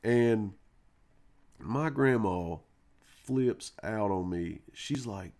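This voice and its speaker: A man's voice: lowish voice, expressive, very slow, pauses often, a little mellow. A man hosting a live stream, telling a rambling childhood story casually, with swearing and fillers. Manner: rambling, profane, full of fillers like "man" and "you know".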